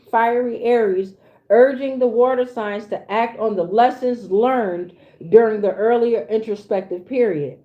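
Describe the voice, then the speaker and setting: Slow, laid-back woman astrology reader. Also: fairly high pitch, mellow. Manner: laid-back, slangy, reads viewer comments aloud. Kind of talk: casual livestream chat.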